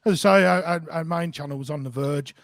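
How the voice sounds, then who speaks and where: A man with a West Midlands accent chatting casually as a podcast co-host, rambling and self-deprecating, tripping over and repeating his words. His voice sits a touch high, and the sound is dry and close with no room echo. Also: brisk. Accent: West Midlands English.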